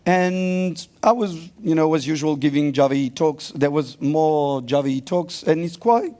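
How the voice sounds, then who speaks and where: A man's voice: a little high, normal speed, dark tone. French-accented man explaining on stage. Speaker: conference co-presenter. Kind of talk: live panel-style chat on stage. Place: conference hall stage.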